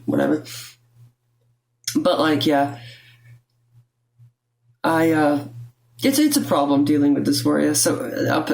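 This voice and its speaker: Speaking to camera indoors at home, this young adult woman has a low, somewhat mellow voice and a phlegmy, rattly throat. Her confessional vlog is casual, blunt, full of swearing, and wanders from point to point.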